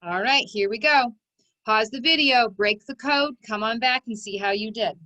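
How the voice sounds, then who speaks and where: A woman's voice: fairly high pitch, normal speed, bright, forceful tone, dry recording, low-quality recording. A woman teaching a recorded phonics lesson to children, giving encouraging step-by-step instructions.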